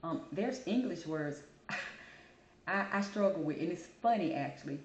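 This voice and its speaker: A woman hosting her channel, talking casually to camera and telling her story in an animated, chatty way. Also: fairly low pitch, a little slow, dull audio. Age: adult. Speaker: channel host. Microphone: camera mic. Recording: roomy echo.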